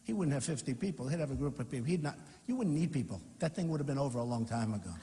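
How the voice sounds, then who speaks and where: A man's voice: mid-range voice, expressive, racing, mellow. A man in his sixties giving a rambling rally speech, reading aloud and breaking off into asides. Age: 60s. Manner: rambling, reads aloud then riffs with asides. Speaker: political candidate at a campaign rally. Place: packed large auditorium with balcony. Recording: long reverb in a big hall.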